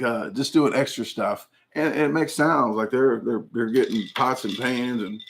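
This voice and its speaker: A man with a mid-range, fairly bright voice hosts his own channel in a casual livestream chat. He rambles through viewer comments, joking often and laughing a lot.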